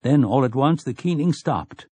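A man reading a novel aloud as an audiobook narrator in measured storytelling. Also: medium pitch, expressive, a little mellow, breathy edge, dry recording. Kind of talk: scripted narration.

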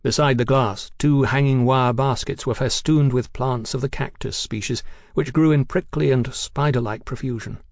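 A man narrating a novel as an audiobook, measured and descriptive. His voice sits at a middling pitch. The recording is dry and close, with no room sound. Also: steady tone, vocal fry, a little mellow, no echo.

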